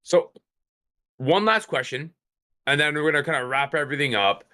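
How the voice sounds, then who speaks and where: Male podcast host, fairly high and bright voice, friendly and earnest. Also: expressive, normal speed. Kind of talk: casual podcast chat.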